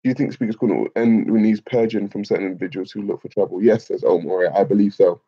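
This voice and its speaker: Husky-voiced Liverpool man chatting live. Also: lowish voice, fairly even intonation, fast, lo-fi sound. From England. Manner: slangy and emphatic, peppered with bro and man. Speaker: live stream host reading chat. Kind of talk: casual livestream chat.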